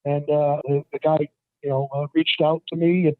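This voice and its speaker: A man's voice: level tone, moderate pace, no echo. Man telling stories over a tinny phone line. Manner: rambling, many fillers and restarts; acts out the people in his stories in a higher voice. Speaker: guest appraiser. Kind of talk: casual interview storytelling.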